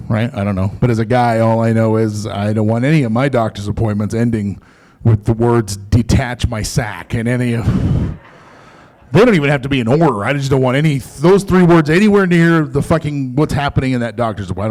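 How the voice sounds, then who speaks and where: A man's voice: medium pitch, fairly quick, a little mellow. A man doing a stand-up comedy set in a comedy club, talking in a loose, profane, conversational way. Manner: profane, conversational, mocking quoted voices.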